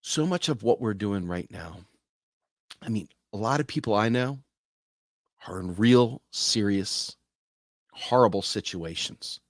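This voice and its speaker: Male host, low voice, earnest casual monologue, dry close sound. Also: expressive, unhurried, pauses often, no room sound. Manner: earnest, acts out quoted voices. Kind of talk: casual direct-to-camera talk.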